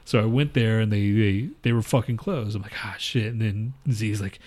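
A man's voice: lowish voice, fairly quick, hardly any pauses. A man on a podcast rambling through a crude, profane story in casual chat. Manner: rambling, profane, animated retelling. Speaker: podcast co-host.

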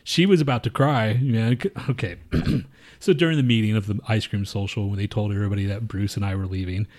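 Here a podcast co-host in his thirties talks briskly in a fairly low, slightly mellow voice. The casual chat centers on a long story he tells in a rambling, profane way, voicing his coworkers' lines as he goes.

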